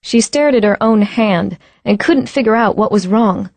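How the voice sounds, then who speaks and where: A woman's voice: medium pitch, moderate pace, vocal fry, a little mellow, no echo. A woman reading an audiobook in tense, dramatic scripted narration at a close studio mic.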